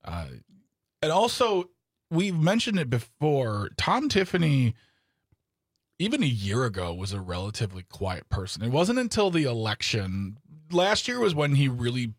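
A man's voice: medium pitch, sing-song, moderate pace, no room sound, clean studio sound. A man from Wisconsin co-hosting a political talk show, opinionated and sarcastic, with exasperated outbursts.

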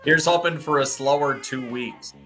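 Guy cohost with a bright crisp voice, keeps agreeing. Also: medium pitch, normal speed, faint music behind. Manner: agreeable, chiming in. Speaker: guest co-host. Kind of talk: casual political chat.

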